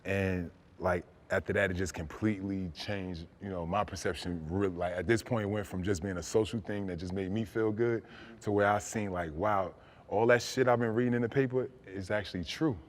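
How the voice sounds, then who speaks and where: A man from New Jersey, a former NBA player, telling a story in casual, animated talk, often saying "you know what I'm saying". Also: low-pitched, brisk, slight background noise.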